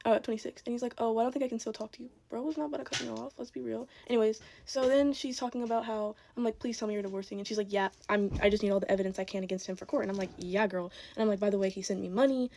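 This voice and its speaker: A woman's voice: mid-range voice, fairly even intonation, racing, creaky, hardly any pauses, darkish tone, a little hiss or hum. An eighteen-year-old woman telling a casual, exasperated storytime, quoting people in her own voice.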